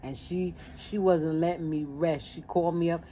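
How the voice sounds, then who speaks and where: A woman telling a personal story in casual talk, lively and acting out the voices of family members. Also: lowish voice, normal speed, a little hiss or hum.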